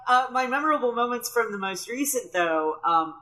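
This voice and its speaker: A woman co-hosting a casual podcast chat, chatty and giggly, often pausing with fillers. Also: a little high, big pitch swings, pushed and bright, slight background noise. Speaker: podcast co-host.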